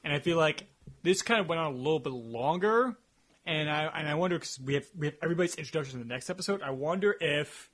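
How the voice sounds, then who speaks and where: Bright, upbeat man rambling in podcast chat. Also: fairly high pitch, expressive, quick pace. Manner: rambling, heavy use of "like" fillers. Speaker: podcast co-host. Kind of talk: casual review chat.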